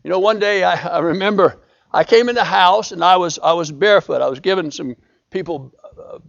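A man's voice: high-pitched, gravelly, highs cut off. An older man preaching a sermon, building emphasis with repeated phrases. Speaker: pastor.

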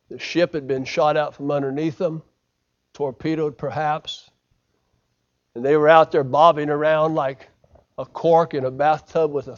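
An American man preaching a sermon, swinging from loud emphasis to hushed delivery and acting out quoted lines. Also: on the high side, highs cut off. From United States. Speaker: pastor.

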